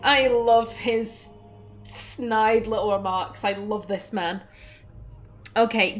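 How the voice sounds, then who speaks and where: A chatty woman narrating her own video game playthrough, casual and rambling and full of fillers. Her voice sits a little high and sounds natural and conversational. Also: steady tone, slow pace, long pauses, faint music behind. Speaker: let's play host.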